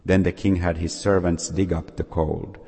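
A man reading a folk tale aloud in a slow, measured way with small slips, husky voice. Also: sits low, little pitch movement, darkish tone. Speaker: storyteller. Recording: long reverb.

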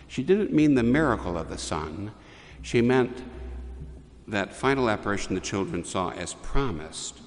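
Male priest, low voice, long church reverb, measured storytelling homily. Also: big pitch swings.

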